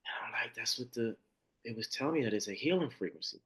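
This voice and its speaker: Speaking fast, a man tells a personal story as a podcast guest, voicing the quotes himself. His delivery moves between hushed moments and high, excited outbursts.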